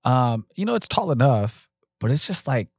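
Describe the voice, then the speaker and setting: A man in his thirties tells family stories on a casual podcast, his pitch rising and falling with a lot of life. He jokes often and fills his sentences with "like" and "you know." The recording is dry and close. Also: normal speed, breathy edge, no echo. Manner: relaxed storyteller with frequent fillers and jokes. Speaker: podcast co-host. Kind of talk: casual chat.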